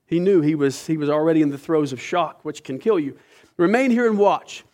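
A middle-aged man preaching a sermon to a congregation, with a dramatic, impassioned delivery that swings suddenly between loud and soft. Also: on the high side, steady tone, a little fast.

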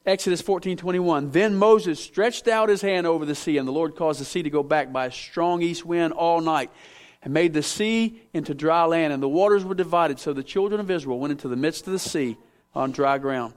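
Animated high-voiced male preacher. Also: normal speed. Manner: animated, acts out biblical figures, asks audience to respond. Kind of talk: sermon. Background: audience in room.

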